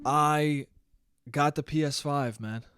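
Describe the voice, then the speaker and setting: A man's voice: on the high side, fairly even intonation, slow pace, fairly bright tone, clear, resonant tone. A young man ranting casually and profanely on his own podcast, rambling and joking. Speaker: podcast host. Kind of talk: solo casual podcast rant.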